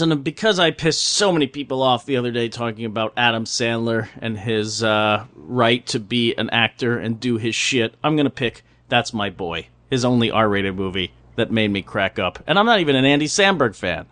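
A man's voice: medium pitch, expressive, moderate pace, hardly any pauses, a bit bright, no room sound. A man co-hosting a podcast, chatting in a joking, loose, profane way. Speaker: podcast co-host. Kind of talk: casual chat.

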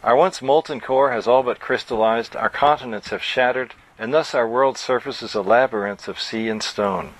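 A man voicing a crooning male alien bird narrating an advertisement, with a deep textured tone. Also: moderate pace, hardly any pauses, close to an everyday voice, low-quality recording. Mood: grand. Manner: smooth sales croon.

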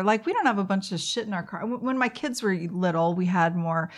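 A woman's voice: mid-range voice, a little fast, hardly any pauses. Chatty woman podcast co-host. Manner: chatty, rambling, laughs easily. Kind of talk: casual chat.

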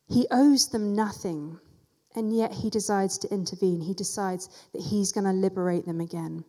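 A woman's voice: mid-range voice, dark tone, in a large hall. A woman giving a sermon as a church teacher, retelling scripture in a conversational way with casual asides.

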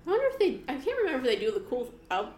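A woman's voice: high-pitched, huge pitch swings, racing, darkish tone, slight background noise. A young woman co-hosting a podcast, chatting casually and giggling while watching a film, with lots of fillers. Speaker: podcast co-host. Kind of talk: casual watch-along chat. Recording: roomy echo.

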